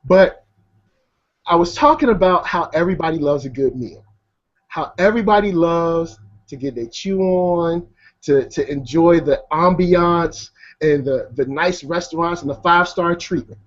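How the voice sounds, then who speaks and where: A man with a slightly high voice makes his case about a film in easygoing, slang-filled talk. His audio comes through muffled and lo-fi over a computer call. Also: moderate pace. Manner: laid-back slangy talk, laughs easily. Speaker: film reviewer. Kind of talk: casual debate.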